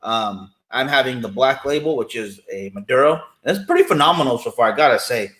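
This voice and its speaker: A male podcast co-host with a medium-pitched voice, relaxed and upbeat. His talk stays loose and friendly, with eager reactions. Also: a little fast, poor audio. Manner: easygoing, enthusiastic. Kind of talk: casual podcast chat.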